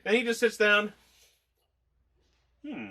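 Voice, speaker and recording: A man with a fairly high voice co-hosts a loose movie review chat. He rambles from one point to the next, swears freely and breaks into laughter often. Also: big pitch swings, slow pace, sharp tone. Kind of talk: casual chat.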